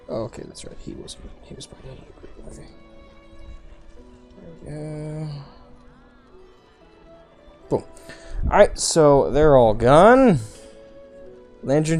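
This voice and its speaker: A man's voice: a little high, darkish tone. Man running a tabletop game. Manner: loose descriptive narration full of "like" and "kind of". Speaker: game master.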